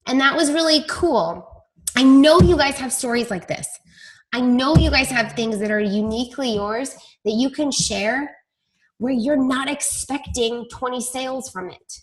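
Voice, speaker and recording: Woman, team leader, casual storytelling on a group call, self-deprecating, fairly high voice. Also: a little slow.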